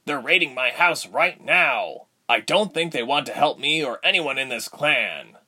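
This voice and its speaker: Young male inventor, read by a narrator, lively and animated delivery. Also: medium pitch, moderate pace, breathy edge, voice pushed up, exaggerated voice. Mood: urgent. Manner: casual, then tense and urgent.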